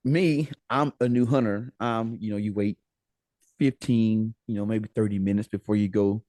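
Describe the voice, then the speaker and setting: An American man as a podcast guest, telling a story in a casual, animated way, laughing and acting out the dialogue. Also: lowish voice, moderate pace, no echo.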